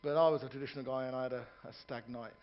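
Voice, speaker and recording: A man's voice: medium pitch, steady tone, rapid-fire, lo-fi sound. A man performing stand-up comedy in a ship's theatre, telling jokes, doing characters' voices and joking with the audience.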